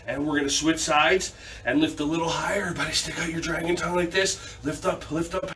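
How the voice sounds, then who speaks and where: A man's voice: fairly high pitch, steady tone, fast talker, sharp tone. A man leading a children's yoga class, giving playful, upbeat instructions and making silly animal sounds, recorded on a distant camera mic. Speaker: kids' yoga teacher. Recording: distant mic, faint background noise.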